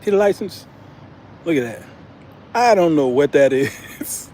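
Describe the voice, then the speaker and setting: Slow-talking American man vlogging outdoors. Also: on the high side, slight background noise. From United States. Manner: animated, laughing, addresses viewers as y'all. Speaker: vlogger, show host. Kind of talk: casual travel vlog storytelling.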